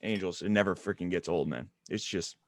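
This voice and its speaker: A man's voice: deep voice, brisk, no room sound. Chill guy cohosting a podcast, jokey banter, dry close sound. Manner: laid-back, joking banter. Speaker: podcast co-host, coach. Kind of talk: casual chat.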